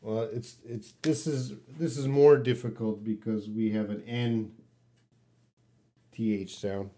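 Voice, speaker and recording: A man's voice: on the low side, fairly even intonation, takes it slowly, warm tone. A Canadian man, an English teacher, answering viewers' questions patiently in a live-stream lesson.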